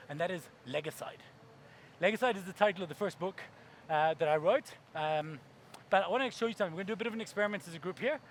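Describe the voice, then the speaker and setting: A man's voice: sits high, a little hiss or hum. A man giving a keynote talk on stage, brash and profane, acting out voices for comic effect. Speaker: keynote speaker.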